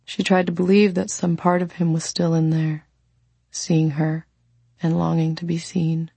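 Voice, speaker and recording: A woman reads a novel aloud in a calm, reflective, scripted audiobook narration at a slightly slow pace. Her low, dark voice is gravelly with a husky edge, recorded dry and close with no echo.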